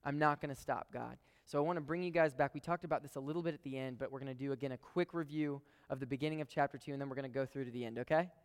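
A man's voice: medium pitch, steady tone, very fast, hardly any pauses, a little mellow, clean tone, in a large hall. A man preaching a sermon in a casual, emphatic way, talking straight to his listeners and repeating phrases for stress.

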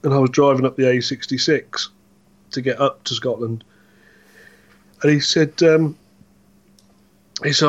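A truck driver co-hosting a casual podcast speaks in a mid-range voice, a little slowly and with frequent pauses. He tells rambling, easygoing stories about his driving work, and the recording has a lo-fi sound.

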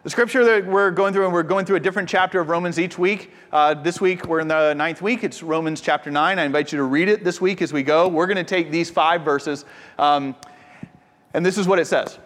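A slightly high-voiced male pastor in his thirties, telling a story from the pulpit with animated, lively delivery. He acts out the people he quotes. His voice rings with the long reverb of a church hall. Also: a little fast. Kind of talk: sermon with personal story.

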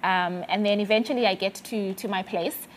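A woman from South Africa sharing a personal faith testimony in conversation, earnest and halting with many fillers and restarts. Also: medium pitch, fairly even intonation, slight background noise.

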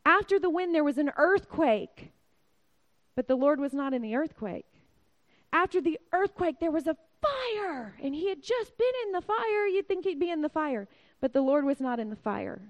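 A woman in her forties preaching a sermon, her delivery swinging from loud, excited outbursts down to near-whispers. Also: high-pitched, normal speed, lo-fi sound.

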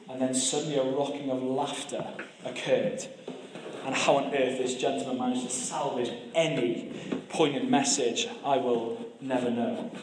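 Man, sermon, storytelling with humor, frequent restarts, reverberant room, faint background noise. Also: mid-range voice. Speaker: preacher.

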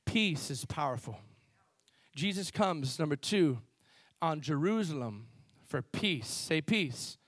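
Animated high-voiced male preacher. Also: takes it slowly, dry recording. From Miami. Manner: animated storytelling preacher, swings between loud bursts and quiet asides. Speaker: pastor. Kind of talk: sermon. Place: church.

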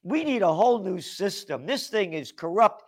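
A man's voice: high voice, sing-song, normal speed. A man hosting a political talk show, rambling and indignant, with many restarts and fillers. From United States. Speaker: host.

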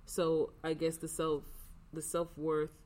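A woman with a notably deep, low voice talks openly in a relaxed chat. She sounds candid and questioning, and laughs easily. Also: slow. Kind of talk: casual conversation.

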